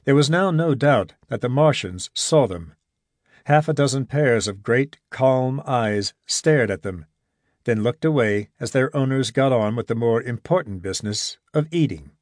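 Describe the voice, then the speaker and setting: A man narrating a story in a measured, even reading voice. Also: mid-range voice, no room sound, studio quality. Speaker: audiobook narrator. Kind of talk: scripted narration.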